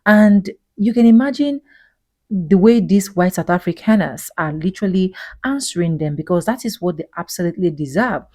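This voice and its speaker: A woman's voice: lowish voice, expressive, normal speed, warm tone, no room sound. A woman giving an opinionated commentary monologue, indignant and emphatic, full of rhetorical questions. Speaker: vlogger commentator.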